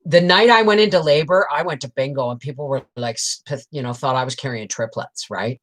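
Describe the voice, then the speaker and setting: Woman host, deep low voice, rambling, frank and salty, chatting with live viewers. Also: fairly quick. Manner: rambling and frank, peppered with swears and laughter; greets viewers and reads out chat comments between stories. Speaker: homestead channel host on a livestream. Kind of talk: casual livestream storytelling.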